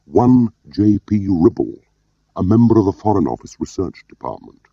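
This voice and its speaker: Very deep, gravelly male narrator. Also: big pitch swings, dry recording. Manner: measured, understated storytelling. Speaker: audiobook narrator. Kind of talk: scripted narration. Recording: dull lo-fi audio.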